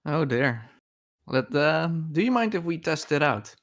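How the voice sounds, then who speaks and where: A man's voice: on the high side, very animated, unhurried, fairly bright tone. A man taking part as a player in a tabletop role-playing game, speaking hesitantly with stammers.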